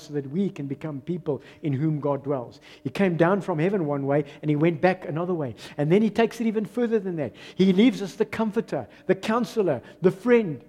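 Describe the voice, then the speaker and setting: A South African man preaching a sermon as pastor, slipping into Afrikaans phrases, swinging between loud rises and quiet, low drops.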